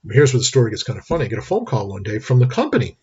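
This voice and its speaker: Middle-aged New man, law lecturer, rapid husky delivery, chatty asides, lo-fi webcam sound. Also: medium pitch, very animated, darkish tone. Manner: rambling, anecdotal, conversational. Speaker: law instructor. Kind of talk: recorded lecture. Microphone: webcam mic. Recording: lo-fi webcam recording.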